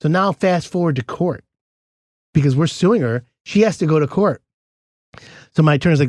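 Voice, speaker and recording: A man telling a story on a casual podcast, with his pitch swinging up and down as he acts out the people in it. His voice sits slightly high for a man and sounds close and dry, with no room around it. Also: lively intonation, fairly quick, long pauses, darkish tone, dry recording.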